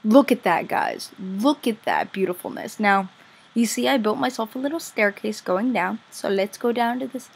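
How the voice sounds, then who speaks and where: A woman commenting casually on her own game play as a vlogger, chatty and easily excited, gushing over what she finds. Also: a little high, normal speed, vocal fry, husky. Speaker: gaming vlogger.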